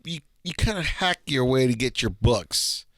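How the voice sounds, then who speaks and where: A man's voice: medium pitch, expressive, moderate pace, dry recording. A young man co-hosting a podcast in casual chat, blunt and profane, acting out little scenes as he tells stories. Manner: blunt, swears freely, acts out little scenes. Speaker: podcast co-host.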